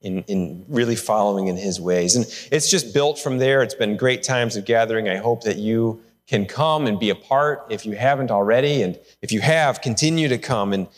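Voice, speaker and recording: A man's voice: fairly low pitch, normal speed, hardly any pauses. A man preaching a live sermon as pastor, in a conversational way with frequent restarts and repeated words. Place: church sanctuary. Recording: long church hall reverb.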